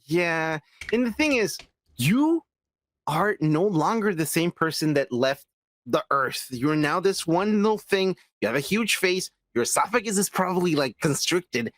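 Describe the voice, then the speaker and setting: A man's voice: a little high, expressive, a little slow, a bit bright, a little hiss or hum. A man co-hosting a podcast in casual chat, rambling and swearing with lots of filler words. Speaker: podcast co-host.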